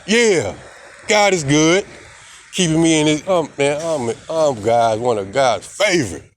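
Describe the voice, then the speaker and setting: Young guy talking aave, rambling and repeating himself, cussing, mid-pitched voice. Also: slight background noise. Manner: rambling, repetitive, defiant; heavy slang and profanity. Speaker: vlogger. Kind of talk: casual monologue to camera.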